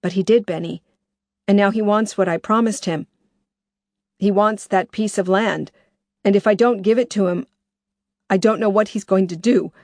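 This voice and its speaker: A woman's voice: mid-range voice, normal speed, pauses often, darkish tone, dry recording, natural voice. A woman voicing a desperate, determined woman who talks in an urgent, pressing way.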